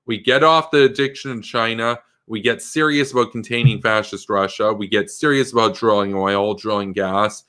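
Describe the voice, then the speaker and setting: A man's voice: fairly low pitch, fairly even intonation, moderate pace, hardly any pauses, a bit bright, clear, resonant tone. A man giving a political commentary monologue in an emphatic, combative way, full of rhetorical questions.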